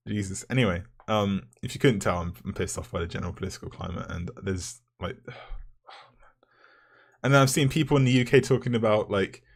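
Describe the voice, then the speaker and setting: Young man, low gravelly voice, rough morning voice, swearing rambling vlog rant. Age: young adult. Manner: ranting, swearing, heavy filler words. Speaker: university student vlogger.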